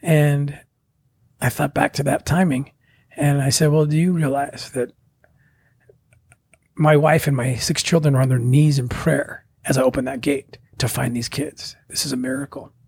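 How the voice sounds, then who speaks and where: Husky-voiced man telling a story. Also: medium pitch, moderate pace. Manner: animated, acts out quoted voices. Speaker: guest telling his story. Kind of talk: casual storytelling.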